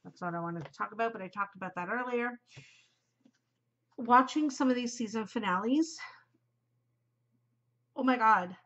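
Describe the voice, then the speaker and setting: A woman's voice: fairly high pitch, moderate pace, pauses often, fairly bright tone. A middle-aged woman hosting a casual chat podcast, chatty, emotional and gushing as she talks. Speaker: podcast host. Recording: muffled lo-fi home recording.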